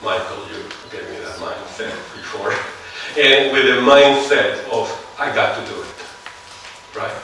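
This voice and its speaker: A man with a non-native English accent giving a seminar lecture, musing slowly and often putting rhetorical questions to his audience. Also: fairly low pitch, vocal fry, pushed and bright, slight background noise. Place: large lecture hall. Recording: echoey hall, heard from far off.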